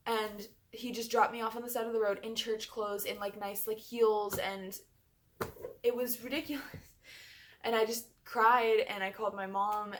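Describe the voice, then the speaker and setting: A young woman telling a personal story in a chatty vlog, full of fillers. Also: mid-range voice. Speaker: vlogger.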